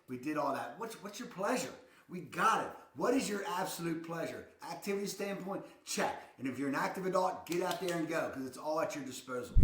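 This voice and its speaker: Enthusiastic Baltimore-accented man, bright voice. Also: high voice, echoey room. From Baltimore area, Maryland. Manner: enthusiastic, emphatic, repeats phrases for stress. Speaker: real estate vlogger. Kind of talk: casual vlog guide to relocating.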